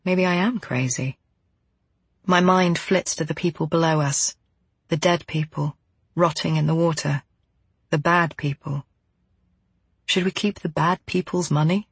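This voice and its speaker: Husky woman narrating a novel. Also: sits low, fairly even intonation, a little slow, pauses often, dry recording. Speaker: audiobook narrator. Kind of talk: first-person novel narration.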